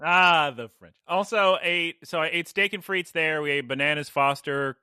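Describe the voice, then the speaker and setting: Bright, excitable young man chatting. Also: a little high, moderate pace, clean tone, no room sound. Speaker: podcast co-host. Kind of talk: casual chat.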